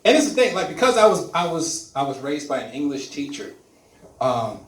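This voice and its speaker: A man in his forties from Louisiana doing stand-up comedy and crowd work, animated and loud. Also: a little high, moderate pace, roomy sound, recorded from a distance. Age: 40s. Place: comedy club with laughing audience.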